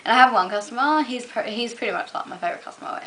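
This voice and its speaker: Young aussie girl rambling to her webcam, lots of ums and likes, kinda high and bright. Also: racing, poor audio. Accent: Australian. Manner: rambling, full of "um" and "like". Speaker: vlogger. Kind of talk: casual chat to camera.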